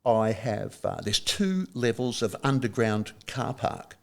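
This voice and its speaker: An older man with an Australian accent tells stories in a gravelly voice. His pitch rises and falls widely as he acts out what other people said in casual conversation. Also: takes it slowly. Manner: animated storyteller who acts out other people's lines. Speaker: guest, saxophonist. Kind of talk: casual anecdotal chat.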